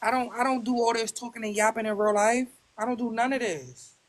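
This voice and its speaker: A woman's voice: a little high, fairly quick, noisy background. A woman chatting on a TikTok live stream, blunt and full of slang. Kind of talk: casual group chat.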